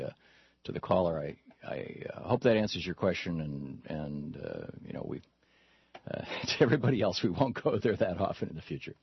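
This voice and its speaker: A male talk radio host with a husky, somewhat low voice that rambles through his stories, restarting his sentences as he goes. The sound is dry and a little dull, with no room around it. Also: no room sound. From Michigan, USA. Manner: rambling, storytelling with frequent restarts.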